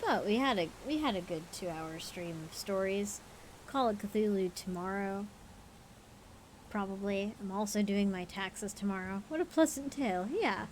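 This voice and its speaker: A woman's voice: medium pitch, normal speed, a little mellow, a little hiss or hum, low-quality recording. Woman streamer, storyteller: easygoing, playful, mid-range voice. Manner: casual, playful, tired late in the stream. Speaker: streamer reading stories. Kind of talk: storytelling livestream.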